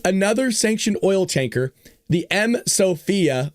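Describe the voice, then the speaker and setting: A hoarse man hosting a casual political commentary show, joking and talking to his audience. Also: on the high side, normal speed, long pauses, no echo, studio quality. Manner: animated, joking, talks to the audience. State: hoarse, voice worn out. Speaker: show host.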